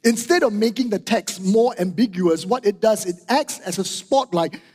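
A man's voice: sits high, moderate pace, darkish tone, breathy edge. A middle-aged man, preaching a sermon with emphatic repetition and frequent "right?" and "okay?". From Singapore. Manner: emphatic, repeats key phrases, asks "right?" and "okay?". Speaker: pastor. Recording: hall reverb.

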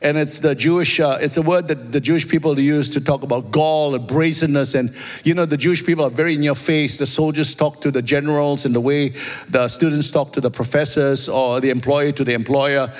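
A pastor with a Singaporean accent, preaching a sermon and telling stories, often asking "amen?" and "right?". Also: male voice, on the high side, brisk. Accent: Singaporean English. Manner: storytelling, animated, repeats phrases, asks "amen?" and "right?". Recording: long reverb of a large hall.

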